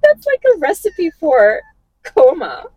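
A woman's voice: high-pitched, huge pitch swings, slow pace, lo-fi sound, slight background noise. A woman co-hosting a podcast in casual chat, earnest and explaining at length. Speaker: podcast co-host.

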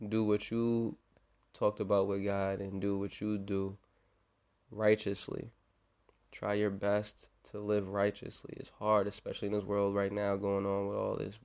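In a lowish, somewhat mellow voice, a young man hosts a podcast of informal religious encouragement. He speaks earnestly about forgiveness and faith, often repeating words along the way.

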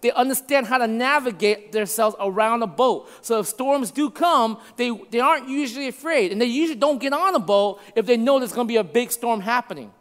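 A man preaching a sermon to a congregation, conversational and checking in with his listeners, dropping to a hush for emphasis. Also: extremely high pitch, brisk, hardly any pauses. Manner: shifts from loud to hushed for emphasis. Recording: long hall reverb.

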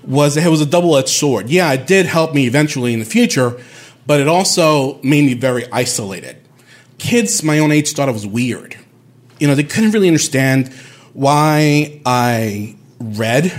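A man from Puerto Rico telling a personal story in an animated, candid way, swearing casually. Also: mid-range voice.

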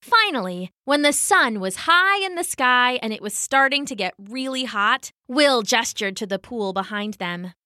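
A woman narrating a children's story as the show's storyteller, reading aloud in a warm, expressive way. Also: fairly high pitch, unhurried, hardly any pauses, no echo, clean studio sound.

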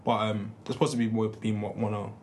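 A man's voice: lowish voice, little pitch movement, fast, a little mellow, a little hiss or hum. A young man, co-hosting a casual chat, telling stories animatedly with heavy slang and lots of fillers. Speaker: podcast co-host. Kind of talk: casual chat among friends.

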